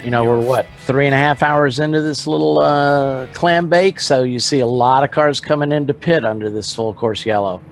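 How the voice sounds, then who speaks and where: A man's voice: mid-range voice, moderate pace, hardly any pauses, faint music behind. A man co-commentating on an endurance car race with dry, wry humor. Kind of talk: casual race commentary banter.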